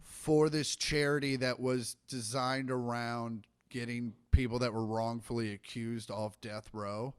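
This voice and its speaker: A man's voice: mid-range voice, unhurried, hardly any pauses, clear, resonant tone, no room sound, clean studio sound. A middle-aged man, a stand-up comic, telling profane stories in casual podcast chat and acting out the quotes. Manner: profane, animated anecdote telling with acted-out quotes.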